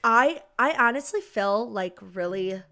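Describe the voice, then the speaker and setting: A woman in her twenties co-hosts a casual podcast. Her voice sits a little high and swings widely as she tells bubbly stories, laughing often. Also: lively intonation, a little slow, sharp tone. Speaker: podcast co-host. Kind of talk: casual chat.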